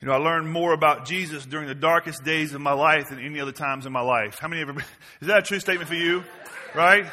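A middle-aged man preaching a sermon as pastor, swinging between shouted passages and hushed, intimate ones. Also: fairly high pitch, fast talker. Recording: long hall reverb.

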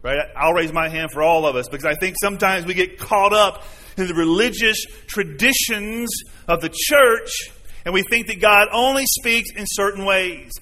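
A pastor preaches to his congregation in a church sanctuary, earnest and conversational, often putting questions to them. His voice is high-pitched and sharp at normal speed, and the recording carries a long hall reverb.

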